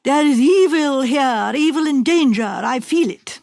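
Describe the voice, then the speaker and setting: A woman reader voicing a theatrical fortune teller with a slow, ominous intoning delivery. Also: high voice, animated, a little mellow, dry recording, clean studio sound, pitched above the performer's own voice.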